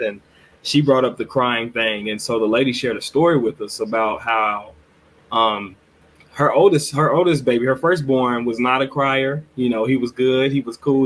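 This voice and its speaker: Man, podcast co-host, casual storytelling, rambling, mid-pitched voice, faint hiss behind. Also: fairly bright tone, poor audio. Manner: rambling, earnest storytelling with many restarts.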